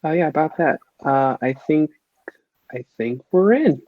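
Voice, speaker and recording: A man's voice: fairly high pitch, expressive, measured pace, no room sound. A man playing in a tabletop game, making wry, grumbling quips. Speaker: player. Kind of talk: casual chat in a tabletop game. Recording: dull lo-fi audio.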